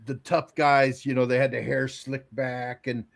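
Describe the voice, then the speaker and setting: A middle-aged man telling a story on a casual podcast, rambling and halting with many fillers and restarts. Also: medium pitch, level tone, gravelly. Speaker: regular co-host, "the old man".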